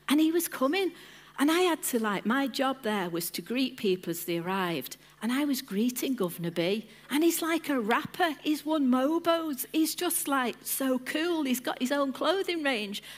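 Chatty woman preaching, high voice. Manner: chatty, jokes and questions the congregation. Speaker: church lead team member preaching. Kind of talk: informal sermon with audience interaction. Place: church service.

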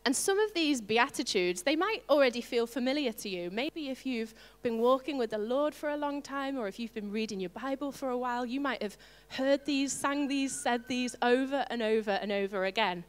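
A woman preaching a sermon to her congregation, animated and playful, with asides to the listeners. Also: on the high side, moderate pace, hardly any pauses, clear, resonant tone, in a large hall. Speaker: pastor.

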